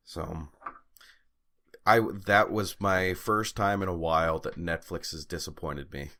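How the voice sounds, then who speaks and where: A young man with a very low, deep voice talks casually as a podcast co-host. He rambles with plenty of fillers and restarts and laughs easily. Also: unhurried, bright, forceful tone. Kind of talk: casual chat.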